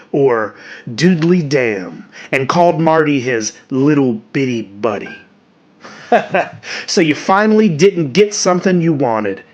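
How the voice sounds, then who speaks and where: A man hosting a podcast, reading a story aloud with expressive delivery that drops soft on dark lines. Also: medium pitch, a little hiss or hum.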